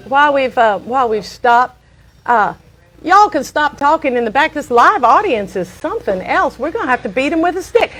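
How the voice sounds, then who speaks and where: High-pitched woman, talk show host, playful, bossy. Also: animated, normal speed, a bit bright, faint music behind, low-quality recording. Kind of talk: comic talk show banter.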